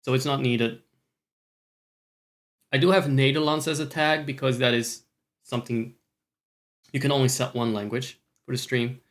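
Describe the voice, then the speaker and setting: A man's voice: mid-range voice, fairly even intonation, moderate pace, long pauses. A Scottish man chatting casually on a stream, rambling, swearing often and talking to himself.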